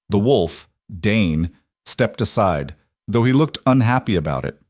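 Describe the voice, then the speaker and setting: A man narrating a fantasy story in an even, measured way. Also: on the low side, dry recording, studio quality. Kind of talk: scripted audiobook narration.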